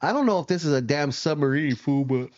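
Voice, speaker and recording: A man's voice: a little high, animated, brisk, a little mellow, no echo, highs cut off. A man co-hosting a casual show, talking in a laid-back, profane way and laughing often while he reacts to news clips. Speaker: podcast co-host.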